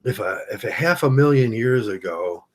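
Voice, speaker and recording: A man talking through a rambling opinion monologue to camera, halting with many restarts. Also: medium pitch, animated. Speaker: vlogger.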